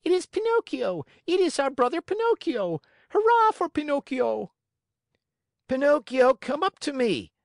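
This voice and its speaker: A man voicing a chorus of small excited wooden marionettes, shouting shrilly in an audiobook reading. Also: sits high, a little slow, gravelly, few pauses, no room sound, studio quality, voice pushed up, full character voice.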